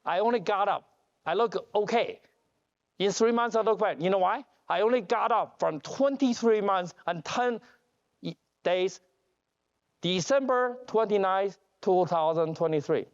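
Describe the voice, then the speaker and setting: A man giving a joking conference keynote as a company CEO, telling animated stories with broken grammar and restarts. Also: high voice, unhurried. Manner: animated storytelling with jokes; non-standard grammar, restarts. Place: conference hall. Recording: dull lo-fi conference audio.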